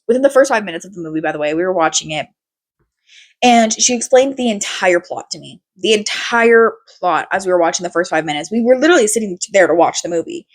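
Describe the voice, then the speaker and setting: A woman's voice: a little high, husky. A young adult woman hosting a podcast in casual chat, rambling and swearing freely. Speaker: podcast host.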